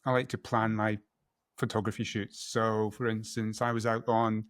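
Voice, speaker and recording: A middle-aged Scottish photographer chats casually as an interview guest, often correcting himself with a laugh. His lowish voice is level and fairly bright at a moderate pace, in a dry, studio-quality recording.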